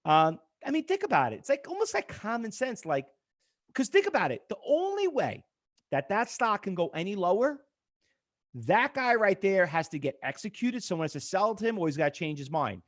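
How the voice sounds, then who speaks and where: A middle-aged man with a high voice teaches a live trading class over an on-screen chart at a moderate pace. The trading instructor is animated, telling stories and acting out quoted exchanges.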